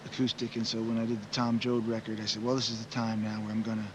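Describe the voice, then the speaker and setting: A man's voice: on the low side, completely flat delivery, quick pace, a little hiss or hum, low-quality recording. A man in his forties, a musician, giving rambling, reflective interview answers full of "you know" fillers.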